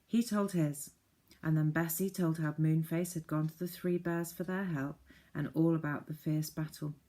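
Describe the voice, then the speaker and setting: A woman narrating a children's storybook with gentle, clear reading. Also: low-pitched, steady tone, normal speed. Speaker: audiobook narrator.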